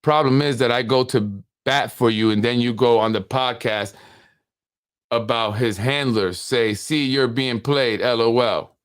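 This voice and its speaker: A man's voice: medium pitch, measured pace, clear, resonant tone. A man hosting a political podcast, talking casually and reading text messages aloud, with frequent restarts. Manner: conversational, repeats words and restarts, reads messages aloud. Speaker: podcast host.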